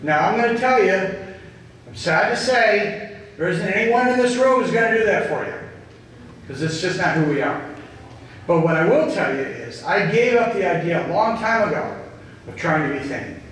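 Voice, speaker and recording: A man's voice: high voice, expressive, a bit bright, a little hiss or hum. Earnest man speaking in an echoey hall. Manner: earnest, slow and emphatic. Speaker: speaker at a group gathering. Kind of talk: inspirational talk and storytelling. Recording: echoey hall, distant mic.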